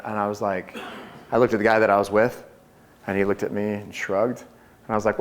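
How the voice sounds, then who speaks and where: A man with a slightly low voice gives a lively sales training talk to a group. He speaks with confidence and energy, and he breaks into acted door pitches. His delivery is punchy and often repeats phrases. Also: normal speed.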